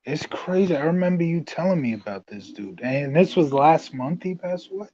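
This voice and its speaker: Relaxed slangy male co-host, slightly high voice, dull low-fi recording. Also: moderate pace. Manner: laid-back, short backchannel replies, slangy. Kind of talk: casual chat. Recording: dull lo-fi mic with faint noise.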